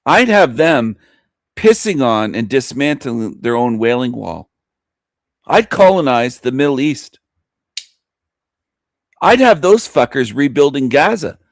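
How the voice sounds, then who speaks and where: A man hosting an online talk show, in a boastful, goading rant that he breaks with his own laughter. His voice sits at an ordinary middle pitch. The recording is close and dry, with almost no room sound. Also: very animated, takes it slowly, pauses often, dry recording. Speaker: host of a live internet talk show. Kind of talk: provocative monologue rant.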